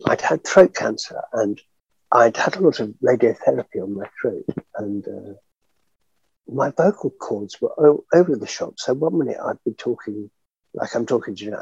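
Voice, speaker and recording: An older actor reminiscing in an interview, telling animated stories with frequent laughter and fillers. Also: male voice, mid-range voice, gravelly, husky, dry recording, dull audio. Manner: chatty, animated storyteller, laughs often, many fillers. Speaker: actor guest.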